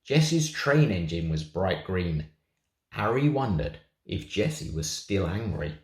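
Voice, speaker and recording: A man's voice: on the low side, very animated, slow pace, a little mellow, reverberant. Playful English man reading a picture book. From England. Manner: playful, chatty asides. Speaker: storybook reader for a synagogue.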